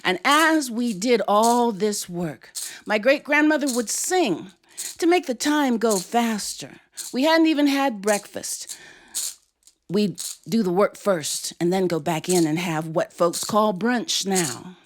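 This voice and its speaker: A woman's voice: medium pitch, takes it slowly, slight background noise. Older lady telling a family story live on stage, takes her time, lots of fun and expression. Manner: expressive, playful storytelling with a lot of humor. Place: stage before a live audience.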